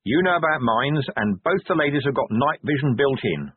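A weary middle-aged male police commander, blunt and cynical, snapping back short retorts, as a male narrator puts him on. His husky voice swings widely in pitch. The sound is dry and tinny, like narrow-band audio. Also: animated, moderate pace, no room sound. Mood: gruff.

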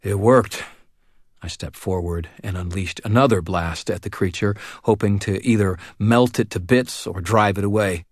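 A man with a very low voice narrates a first-person story in a measured, wry way. The sound is dry and close, with no room around it. His tone stays steady and even. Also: dry recording. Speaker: audiobook narrator.

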